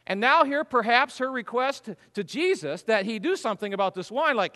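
A man preaching a sermon, telling the story with lively, acted-out voices. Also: very high voice, normal speed, long reverb tail. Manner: animated storytelling, acts out voices. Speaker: pastor.

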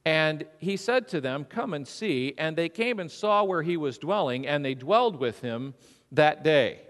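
A male pastor delivers a sermon in a high, expressive voice that rises and falls freely. He keeps asking the congregation questions and slips into quick acted-out quotes. The sound carries the long reverb of a church sanctuary. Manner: animated preaching with acted-out quotes and rhetorical questions.

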